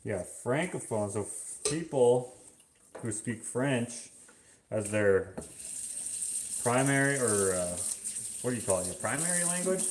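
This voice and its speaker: A man's voice: mid-range voice, lively intonation, measured pace, pauses often, a little hiss or hum. A man with a Canadian accent chatting casually at home while washing dishes, musing aloud and wandering between thoughts with lots of fillers. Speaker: vlogger. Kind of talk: casual rambling chat.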